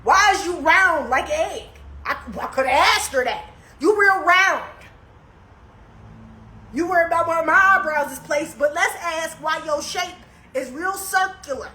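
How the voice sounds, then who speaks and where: A young woman on a live stream, telling a story in casual slang that moves from calm asides to heated outbursts. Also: very high-pitched, a little slow, roomy sound, slight background noise, poor audio.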